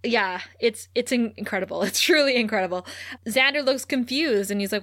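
Bright, high-voiced woman recapping casually. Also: moderate pace. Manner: animated, swears freely, acts out quotes. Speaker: podcast co-host.

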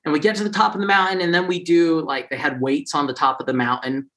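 A man's voice: a little high, steady tone, fast, a bit bright. A man in his forties telling a personal story in a casual way, acting out the people he quotes in raised, funny voices.

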